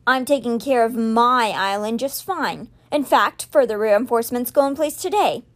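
A woman voicing a cold, sneering young male high priest who talks down to his brother. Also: moderate pace, lightly acted. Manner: sneering and cool.

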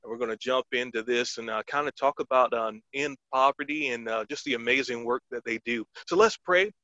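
A man's voice: medium pitch, a little fast, bright, forceful tone, no echo, dull audio. A man hosting a Christian podcast, talking earnestly and eagerly, opening with a prayer and reading verses, with many fillers. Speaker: podcast host.

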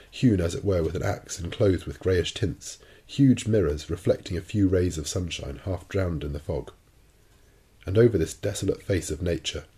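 Brief: male audiobook narrator, deep and raspy, steady deliberate storytelling. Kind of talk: scripted narration of a classic novel.

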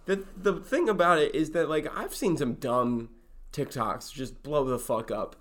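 A young man in relaxed podcast chat, rambling through anecdotes with many "like"s. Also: on the high side, unhurried. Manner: rambling, full of fillers and restarts. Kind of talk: casual chat.

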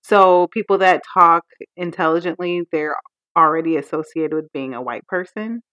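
A woman in her thirties, a podcast co-host, speaking crisply and emphatically in casual chat. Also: fairly low pitch, moderate pace, fairly bright tone. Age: 30s.

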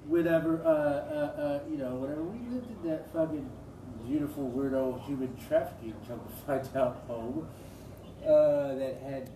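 A man, his voice a touch higher than most men's, rambles through a story with curses and fillers. He sits back from the mic in an echoey room, and steady noise hangs under his voice. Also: moderate pace, distant mic. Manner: rambling, profane, heavy fillers. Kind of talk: casual storytelling.

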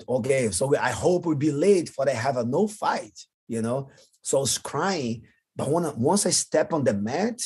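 Husky man. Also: medium pitch, darkish tone. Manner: halting, non-native phrasing, frequent restarts. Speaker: guest, jiu-jitsu champion. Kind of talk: podcast interview storytelling.

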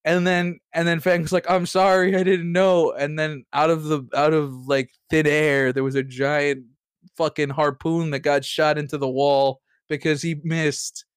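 A man's voice: a little high, little pitch movement, unhurried, clean tone, dry recording, clean studio sound. A man casually recapping a tabletop game session, rambling and profane, full of restarts and laughter. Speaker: player recapping last session.

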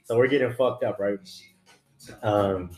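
A man's voice: lowish voice, a little slow. A man, a former prison officer, telling a story in casual, blunt, profane street slang. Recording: roomy echo, faint music.

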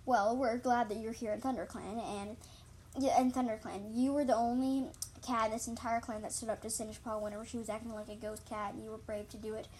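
Storybook tomcat leader, stern, read by a woman, fairly high voice, halting delivery. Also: little pitch movement, a little mellow, slight background noise, lightly acted. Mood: reassuring. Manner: stumbling, repeats words. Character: stern male cat clan leader.

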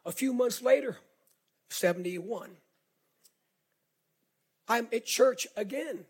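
A middle-aged pastor with a Southern accent preaches a sermon in a very high-pitched, breathy voice, speaking slowly with long pauses. He is an animated storyteller who repeats words and builds to shouts.

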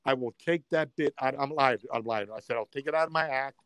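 A man, a comedian guest, telling a story in casual chat, acting out the quotes and building loudly to punchlines. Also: mid-range voice, a little fast, smooth, no room sound.

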